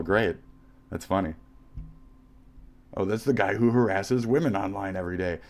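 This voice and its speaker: A man from the United States with a low voice hosts a livestream. He delivers an aggressive, profane rant and taunts his target with insults he keeps repeating. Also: darkish tone.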